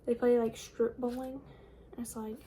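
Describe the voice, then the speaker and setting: A woman's voice: fairly high pitch, flat delivery, normal speed, mellow, slight background noise. A young woman vlogging a casual, sarcastic rant about books she dislikes, chatty and full of fillers. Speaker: book vlogger. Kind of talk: casual ranting book review.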